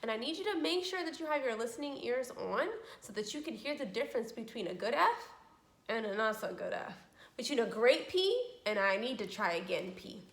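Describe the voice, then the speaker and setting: A woman giving a children's speech lesson as a speech therapist, talking slowly with exaggerated, encouraging teacher delivery. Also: a little high, expressive, roomy sound.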